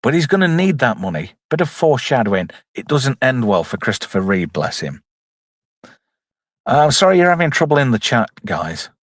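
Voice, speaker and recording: A man's voice: mid-range voice, sing-song, moderate pace, dry recording, studio quality. A man giving jokey, casual live commentary on a film and reading out chat messages. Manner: jokey, reads out chat, puts on silly voices. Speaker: streamer reviewing a film.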